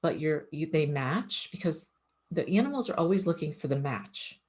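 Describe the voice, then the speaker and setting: A woman's voice: sits low, expressive, moderate pace, darkish tone. A woman, an animal communicator, giving casual advice in an earnest, conversational way that often repeats itself.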